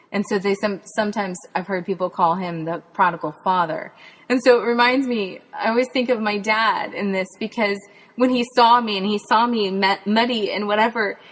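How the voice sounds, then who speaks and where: A woman from Texas, a podcast host and spirituality author, earnestly tells a personal faith testimony in a reflective way. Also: medium pitch. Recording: long hall reverb.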